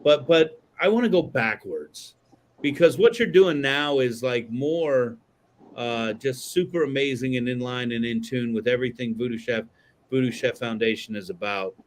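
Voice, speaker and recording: In a mid-range voice at a moderate pace, this man hosts a casual podcast chat with slight background noise. He rambles and swears without restraint, restarting often and using lots of fillers.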